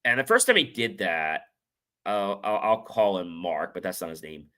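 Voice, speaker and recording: Male host, bright forward voice, casual motivational storyteller who voices the dialogue himself. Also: on the low side, sing-song, moderate pace. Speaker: show host. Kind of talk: motivational talk with personal stories.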